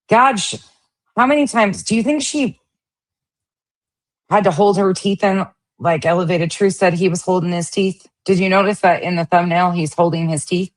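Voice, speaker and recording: A woman's voice: on the low side, moderate pace. A woman hosting a casual commentary show, reacting to stream clips in a sarcastic, profane and mocking way. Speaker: host.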